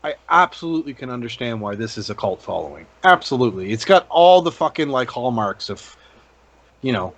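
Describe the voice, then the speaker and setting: A man's voice: mid-range voice, big pitch swings, fairly quick. A man co-hosting a casual movie review podcast, rambling with many ums and restarts. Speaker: podcast co-host.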